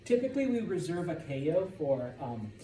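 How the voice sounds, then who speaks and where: A man teaching a Spanish class, lecturing in a lively way and often checking in with "okay?". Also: a little high, normal speed, a little hiss or hum. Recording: echoey classroom from far off.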